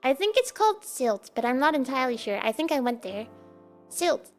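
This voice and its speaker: Young woman, Dutch accent, high voice, playful streamer chat, laughs a lot, soft music behind. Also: big pitch swings, fairly quick. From Netherlands. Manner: playful and giggly, chatty. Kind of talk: casual chat with live viewers.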